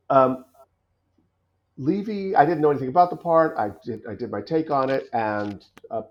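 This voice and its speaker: Thoughtful middle-aged man on a dull line. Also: lowish voice. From United States. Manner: thoughtful, many restarts and repeated words. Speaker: guest actor. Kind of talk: podcast interview conversation. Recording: dull lo-fi audio.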